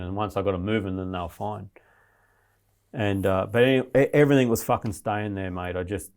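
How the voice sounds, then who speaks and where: A man, a podcast guest, recounting a survival ordeal in casual, heavily sworn storytelling. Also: lowish voice. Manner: swears constantly, restless retelling of his ordeal.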